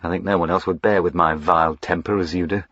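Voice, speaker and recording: A man's voice: deep voice, steady tone, quick pace, fairly bright tone, no echo, highs cut off. A man voicing a moody, short-tempered young aristocrat with a clipped, sardonic way of speaking. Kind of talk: audiobook character voicing.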